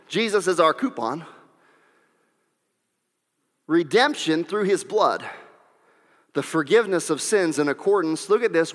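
High, bright-voiced preaching man. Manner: animated preaching with shouted peaks and whoops. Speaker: pastor. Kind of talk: sermon. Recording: long reverb of a large hall.

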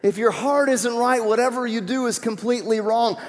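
A male pastor delivers a sermon in a high, ringing voice, hammering his points home by repeating them and coaxing his listeners along. The sound carries a long reverb tail. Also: normal speed. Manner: emphatic, repeats key phrases; coaxing calls to the congregation. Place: church sanctuary.

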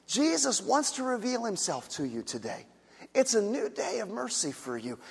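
A male pastor delivers a sermon in a strikingly high voice that rings through a reverberant hall. He drops to a near hush, then climbs into loud, shouted preaching. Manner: swings from hushed and tender to loud shouted preaching. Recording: long reverb of a church hall.

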